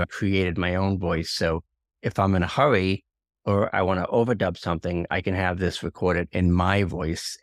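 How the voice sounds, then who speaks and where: A man with a low, deep voice talks through a software walkthrough in an easygoing, conversational way. He adds self-deprecating asides as he goes. The recording is dry and close, with almost no room sound. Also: dry recording. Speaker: video tutorial host. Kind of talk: casual screen-share software walkthrough.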